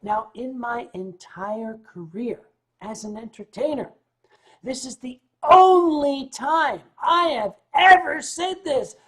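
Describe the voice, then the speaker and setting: A man on a livestream answers chat in an easy, animated, unhurried way, his storytelling full of big rises and falls in pitch and volume. Whenever the conversation gets serious, he stumbles and restarts.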